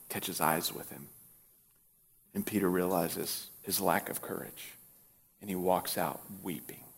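A man preaching a sermon as pastor, telling a story and swinging between animated and hushed delivery. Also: medium pitch.

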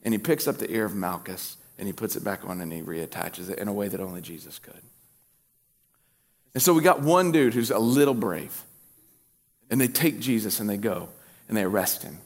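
A man preaching a sermon as pastor, telling a story and swinging between animated and hushed delivery. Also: fairly low pitch, moderate pace.

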